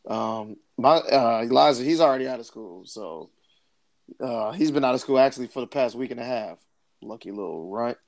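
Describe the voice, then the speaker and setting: A man's voice: medium pitch, lively intonation, normal speed, vocal fry, a little mellow. A man in his thirties hosting a podcast in casual chat, rambling and hesitant, with lots of fillers. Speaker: podcast host.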